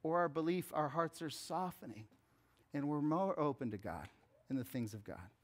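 A pastor preaching a conversational sermon that rises to fervent appeals. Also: male voice, a little high, animated, moderate pace.

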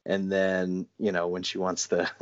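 A man's voice: low voice, monotone, a little slow, dull audio. A man guesting on a podcast in casual chat, gushing and enthusiastic.

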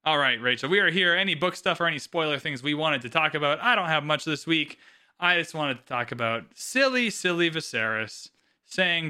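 A man's voice: on the high side, lively intonation, a little fast, bright, forceful tone, clear, resonant tone. A man co-hosting a podcast, talking casually and swearing freely as he gives his opinions. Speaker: podcast co-host.

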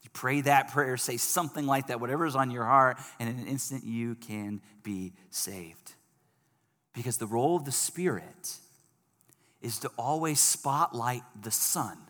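A man preaches from the front of a church, his voice sitting in an ordinary middle pitch. He tells stories with lively, punchy emphasis, then drops into quieter, earnest appeals. A long reverb from the large hall trails after each phrase. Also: normal speed, few pauses. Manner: animated preaching, swings from loud emphasis to soft. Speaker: pastor. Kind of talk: sermon.

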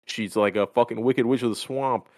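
A man's voice: mid-range voice, fairly even intonation, moderate pace, darkish tone, no room sound, clean studio sound, close to an everyday voice. A man voicing a pair of rude brothers hunting for their lost sister, talking in an urgent rush.

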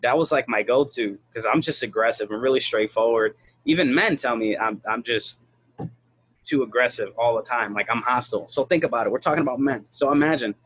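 A man talking bluntly and profanely in a casual podcast chat, telling animated stories about his kids. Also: mid-range voice, a little fast, breathy edge.

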